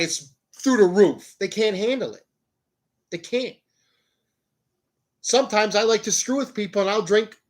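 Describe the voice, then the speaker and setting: A man hosting a motivational podcast, talking to the camera in a loud, high-energy, jokey way with plenty of swearing. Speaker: podcast host. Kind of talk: motivational casual talk.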